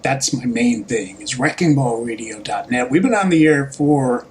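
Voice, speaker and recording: A man's voice: mid-range voice, lively intonation, normal speed, a little mellow, slight background noise, poor audio. A middle-aged man hosting his own commentary channel, talking in a casual, rambling solo monologue full of fillers, restarts and wry joking asides. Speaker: YouTube political commentary host.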